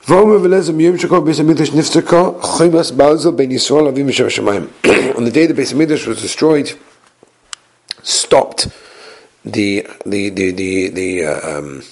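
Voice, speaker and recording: Reading Hebrew and Aramaic source text before explaining it in English, this man gives a Talmud lesson marked by frequent hesitations and restarts. He speaks at normal speed in a mid-range, slightly mellow voice.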